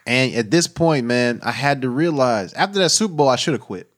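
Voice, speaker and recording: Man, podcast co-host, teasing trash talk, loud and lively, laughs a lot, casual sports chat. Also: mid-range voice, fairly quick.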